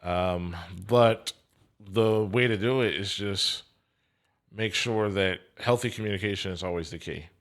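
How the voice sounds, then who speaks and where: A man speaking as a podcast guest in casual chat, measured and thoughtful with some hesitations. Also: on the low side, a bit bright.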